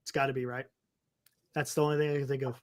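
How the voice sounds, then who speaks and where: A man's voice: mid-range voice, flat delivery, fast, dry recording. A man co-hosting a casual sports talk show, chiming in with short reactions and asides. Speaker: podcast co-host.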